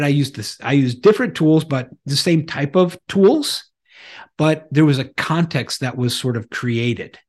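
A middle-aged man co-hosts a podcast in a relaxed, conversational way. He leans on personal anecdotes and often restarts his sentences as he thinks aloud. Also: a little high. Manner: storytelling with anecdotes, frequent restarts. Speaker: podcast co-host.

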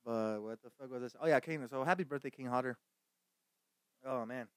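A man chatting casually while streaming a game, rambling and swearing, bursting now and then into loud shouted insults. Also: medium pitch, fairly quick, clear, resonant tone, no echo. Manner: profane, rambling, laughs at own jokes.

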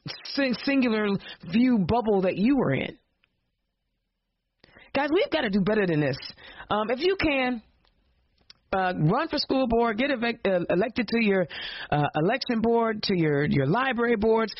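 Woman, podcast host, fiery political rant, rhetorical questions, casual slang, mid pitch, dry, dull lo-fi sound. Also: expressive, normal speed, dry recording. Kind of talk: impassioned political rant and show hosting.

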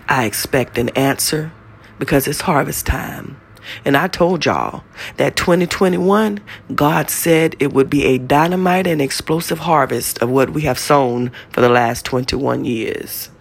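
A woman with a low, gravelly voice delivers a fervent testimony in the cadence of a preacher. Her talk is blunt and salted with profanity. A faint hum of room ambience sits behind her. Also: a little slow. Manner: preacherly, profane, builds to high shouted pitch when retelling. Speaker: speaker telling her life story. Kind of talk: impassioned testimony monologue.

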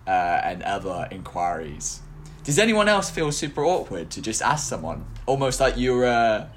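A man's voice: mid-range voice, wildly swooping pitch, measured pace, slight background noise. A man co-hosting a casual podcast, rambling through hypothetical scenarios with lots of fillers and restarts. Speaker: podcast co-host.

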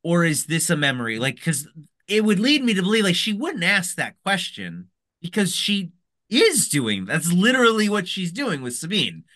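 Male co-host, slightly high, bright, excitable recap chatter. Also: moderate pace. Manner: excitable, rambling with restarts. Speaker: podcast co-host. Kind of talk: casual recap chat.

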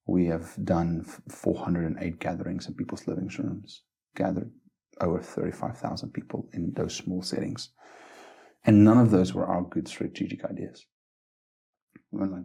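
A South African missions base leader appears as a guest on a faith podcast, earnestly telling stories in a conversational interview. His deep voice is steady, gravelly, mellow and a bit breathy, moving at a moderate pace. He often stumbles over repeated words and checks in with "right?".

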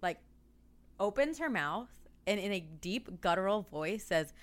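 A woman's voice: mid-range voice, lively intonation, measured pace. A woman guesting on a podcast, telling a story in a chatty way full of filler words. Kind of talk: casual storytelling.

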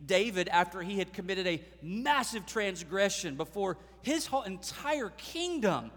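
A man preaching a sermon as pastor, swelling into dramatic, loud passages and acting out voices from the stories. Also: sits high, animated, measured pace, in a large hall.

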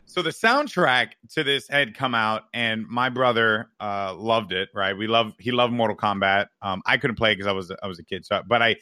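A man from New York telling a childhood story on a podcast, animated and profane, tossing in "right?" as he goes. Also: on the low side, moderate pace, hardly any pauses, no echo, clean studio sound. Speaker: podcast co-host. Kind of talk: casual storytelling chat.

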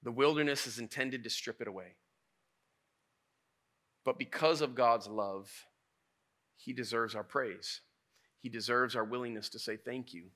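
A man preaching a sermon as a pastor, telling stories in a lively, casual way. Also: medium pitch, a little slow, pauses often. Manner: animated, casual storytelling preacher.

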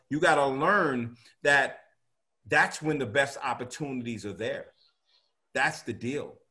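A man with a voice pitched a little high for his sex leads a call-and-response money lesson. He fires questions at the room, urges people to answer and drives each point home with a tagged "right?". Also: fairly bright tone. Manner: quizzes the audience, call-and-response; emphatic, repeats "right?" as a tag. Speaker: financial educator. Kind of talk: interactive teaching talk.

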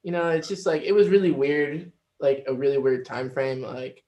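A man guests on a casual podcast, talking at a mid pitch. He rambles in a chatty way, full of fillers and restarts. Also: moderate pace, dark tone, roomy sound.

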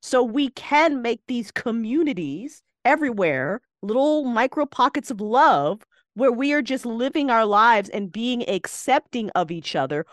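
A woman with a fairly high voice speaks as a podcast guest. She is blunt, fiery and freely profane, and her delivery has plenty of bite. The sound is dry, with no room echo. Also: expressive, a little slow. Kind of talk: casual podcast chat.

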